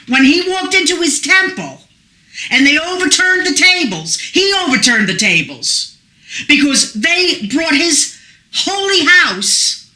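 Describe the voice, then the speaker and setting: A middle-aged woman preaching a fervent, emphatic sermon that rises to shouts. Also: high-pitched. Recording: echoey room.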